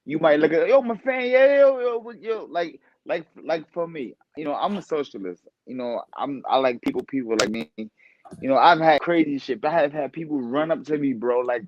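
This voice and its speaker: A boxer talking casually as a podcast guest, animated and profane, often laughing. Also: male voice, a little high, brisk, no room sound, muffled recording. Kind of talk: casual interview talk.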